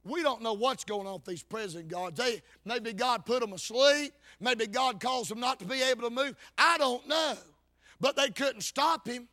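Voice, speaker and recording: A Baptist preacher delivers a sermon at a normal pace. His very high voice is bright and forceful, and his fervent, folksy delivery swings between loud calls and low asides.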